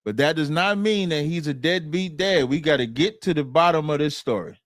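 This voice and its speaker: Man, co-host, emphatic, preachy, slightly high voice, dry sound. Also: fairly quick, fairly bright tone, no echo. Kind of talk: casual commentary chat.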